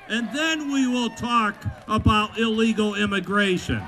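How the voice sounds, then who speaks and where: Blunt sheriff from Massachusetts at a rally. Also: male voice, high-pitched, unhurried. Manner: blunt, joking, bursts of shouting. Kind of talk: outdoor rally speech. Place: outdoors at a state capitol lawn. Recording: outdoor rally with crowd noise.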